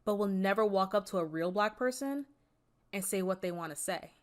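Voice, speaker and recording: A young woman, an artist and YouTuber, speaks earnestly and candidly in a personal vlog at medium pitch and a moderate pace, with a little hiss or hum in the recording. She describes her own voice as Valley Girl and mixes serious moments with playful ones.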